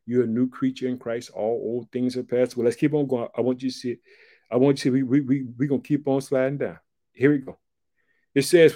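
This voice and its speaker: A man preaching a sermon, exclaiming often and reading scripture aloud in a raised, drawn-out voice. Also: medium pitch, mellow. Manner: exclaiming, repeats "boy" and "check it out".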